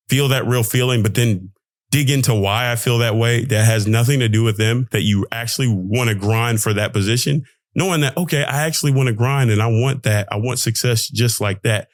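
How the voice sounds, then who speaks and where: A man's voice: medium pitch, dry recording. A young man hosting a podcast, giving an emphatic, preachy motivational monologue full of slang, with his voice swinging up and down. He talks close to the mic. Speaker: podcast host, pro basketball player.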